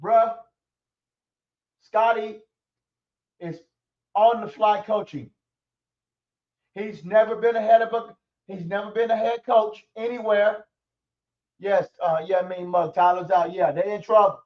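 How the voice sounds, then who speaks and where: A man's voice: high voice, fairly even intonation, unhurried, long pauses, recorded from a distance, muffled recording. A man ranting angrily and profanely about his football team on a stream. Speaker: sports commentary streamer. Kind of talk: angry sports rant.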